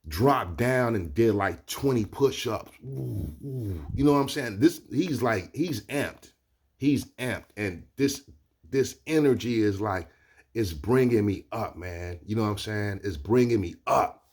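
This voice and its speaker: A man's voice: on the low side, expressive, measured pace, darkish tone. A man casually telling a personal story, loose and conversational, with constant check-ins to the listener. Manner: loose and conversational, keeps asking "you know what I'm saying". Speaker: vlogger.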